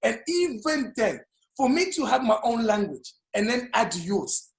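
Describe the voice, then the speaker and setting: A Congolese man with a British accent hosting a comedic chat, animated and laughing, often repeating words. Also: extremely high pitch, measured pace, roomy sound. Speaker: host.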